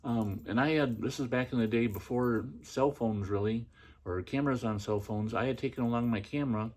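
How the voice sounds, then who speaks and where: A man's voice: mid-range voice, darkish tone. Middle-aged man telling a personal story. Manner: chatty and halting, with many fillers and restarts. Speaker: podcast host.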